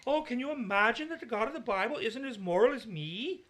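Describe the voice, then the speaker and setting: Male speaker doing a smug, self-righteous churchgoer, mock Swedish, high and whiny. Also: expressive, brisk, pushed and bright, heavily acted. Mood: smug whining.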